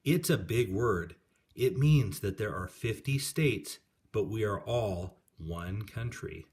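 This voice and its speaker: A man's voice: fairly low pitch, lively intonation, takes it slowly, a little mellow. Man reading as a patient schoolteacher. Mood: explaining. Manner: patient, explaining to children. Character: kind female schoolteacher, adult.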